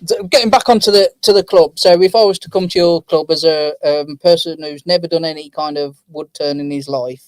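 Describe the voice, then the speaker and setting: A man's voice: a little high, fairly even intonation, a little fast, few pauses, no echo. A man co-hosting a podcast, teasing and asking the guest questions. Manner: teasing, laughs a lot. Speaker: podcast co-host. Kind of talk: casual podcast chat.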